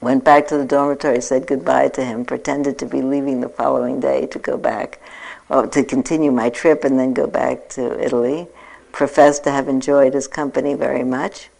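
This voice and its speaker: A woman in her sixties giving a reflective dharma talk as a meditation teacher, telling a personal story with gentle self-mocking humor. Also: rumbling low, flat delivery, normal speed, creaky, rough recording. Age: 60s.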